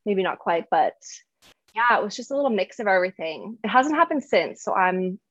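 A woman's voice: mid-range voice, expressive, brisk, fairly bright tone, no echo. A woman talking candidly in casual chat, laughing often and full of "like". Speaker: guest. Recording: slightly dull, dry sound.

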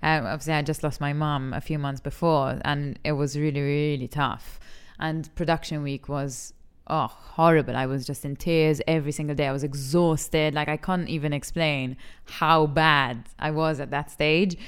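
Low, smooth-voiced woman from Malta. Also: steady tone, moderate pace, few pauses. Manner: candid and emotional, laughs easily. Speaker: actress and TV talent show judge. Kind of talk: frank interview conversation.

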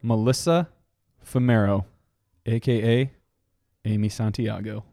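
A man's voice: lowish voice, steady tone, measured pace, vocal fry, dark tone, no echo. Laughing storyteller man, dry podcast mic. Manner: laughs often while telling stories; acts out voices in anecdotes. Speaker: podcast co-host. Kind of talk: casual chat.

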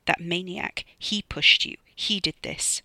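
A desperate young man hisses and pleads his way through a lie, as an author reading an audiobook puts him on. The tone stays bright and forceful, close and dry with no room sound. His words come through gritted teeth. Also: mid-range voice, steady tone, measured pace, no room sound. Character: panicking young man covering up a killing.

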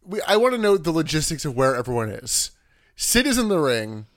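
A man co-hosting a casual podcast, animated and laughing often as he recaps. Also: a little high, fairly quick, no echo, clean studio sound. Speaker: podcast co-host. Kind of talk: casual chat recapping wrestling.

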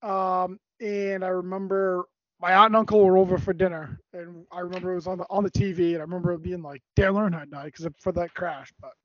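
A man's voice: high-pitched, level tone, no room sound, highs cut off. A man co-hosting a podcast, swearing freely and chatting loosely. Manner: swears a lot, fast and loose. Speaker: podcast co-host. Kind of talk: casual chat.

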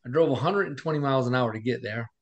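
A man's voice: medium pitch, fast talker. A man chatting as a guest on a video call, telling a story vividly and bluntly, with some cursing. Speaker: guest, longtime friend of the host. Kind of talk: casual video-call chat.

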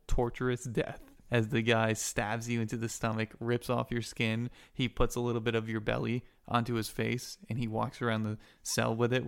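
A man's voice: medium pitch, gravelly, clean tone. A man narrating as game master of a tabletop game, telling the story in a casual, crude way.

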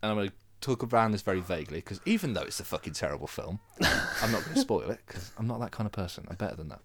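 A man's voice: lowish voice, racing, background noise. A man co-hosting a podcast, ranting in a casual chat and swearing freely. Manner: animated, swearing ranter. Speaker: podcast co-host.

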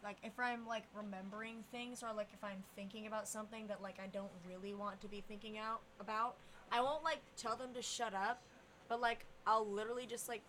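A young woman guest on a podcast, an animated storyteller who swears freely in casual chat. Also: mid-range voice, a little fast, a little hiss or hum.

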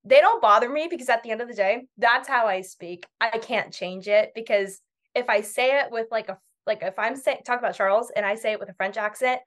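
A woman's voice: a little high, brisk, fairly bright tone. A woman with an American accent, a guest on a casual podcast chat, talking in an upbeat, blunt way. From United States. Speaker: guest correspondent.

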